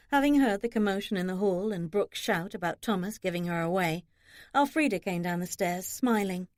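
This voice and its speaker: A woman narrating a romance audiobook in a steady, even reading style. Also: medium pitch, fairly quick, no echo, clean studio sound. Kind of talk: scripted narration.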